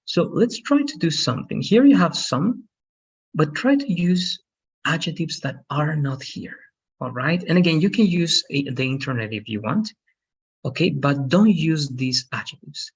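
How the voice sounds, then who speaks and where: Husky-voiced man teaching English over a call. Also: fairly high pitch, lively intonation, normal speed, muffled recording. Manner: patient, repeats rules, checks with "right?". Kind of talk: online English lesson.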